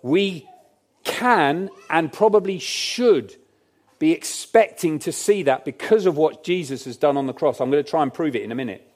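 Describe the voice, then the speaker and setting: A man's voice: on the high side, moderate pace, darkish tone. A man preaching a sermon in a church, conversational and emphatic, with jokey asides to the congregation.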